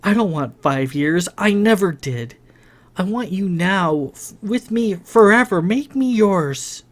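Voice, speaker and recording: A man voicing a passionate, mysterious young woman with an arcane nature, raising his pitch and crying out at her peaks. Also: lively intonation, slow. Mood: tender pleading. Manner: fervent, shouting at peaks.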